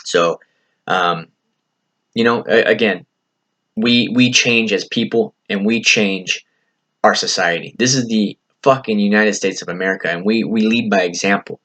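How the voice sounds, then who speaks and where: A man's voice: fairly low pitch, a little slow, fairly bright tone. A man hosting his own podcast, talking in an earnest, rambling motivational way, full of "you know" fillers and casual swearing. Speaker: podcast host. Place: lives in California.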